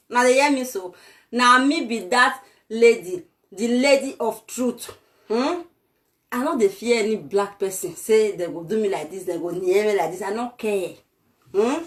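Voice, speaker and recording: Nigerian woman doing a stuck-up "lady of truth" type, high voice, mocking scornful rant. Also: pushed and bright, heavily acted. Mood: boastful. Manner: mocking, scornful ranting with laughs. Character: arrogant self-styled "lady of truth" woman, contemptuous. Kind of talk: comic impression skit.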